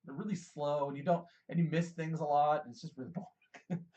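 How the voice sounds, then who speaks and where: A man's voice: on the high side, steady tone, fairly quick, darkish tone, muffled recording. A man co-hosting a casual chat, rambling and often restarting his sentences. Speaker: podcast co-host.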